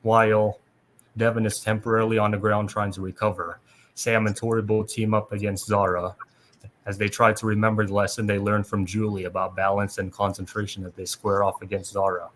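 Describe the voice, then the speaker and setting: A man hosting a podcast, reading a plot recap aloud in a steady way with small restarts. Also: fairly low pitch, a little fast, slight background noise. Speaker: podcast host.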